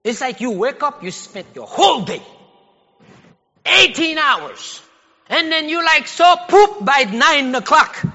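High, bright-voiced male pastor preaching in an echoey hall. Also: lively intonation, slow pace, muffled recording. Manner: conversational preaching, rising to shouted exhortation. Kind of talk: sermon. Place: church sanctuary.

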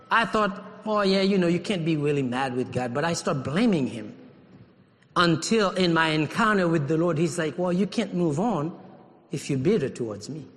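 High-voiced preaching man in a reverberant hall. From Haiti. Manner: animated preaching, acts out dialogue. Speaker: pastor. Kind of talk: sermon. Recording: long reverb of a large hall.

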